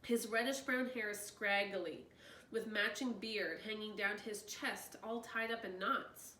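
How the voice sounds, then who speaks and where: A woman reading a novel aloud as host, with expressive, excitable asides to listeners. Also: medium pitch, unhurried. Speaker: reader, channel host. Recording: roomy distant mic, faint noise.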